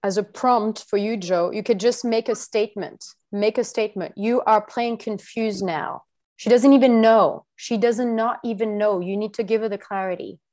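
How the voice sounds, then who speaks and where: A woman's voice: medium pitch, fairly even intonation, moderate pace, hardly any pauses, a little mellow. A woman coaching a live practice session, direct and insistent, repeating her instructions. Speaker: coaching trainer.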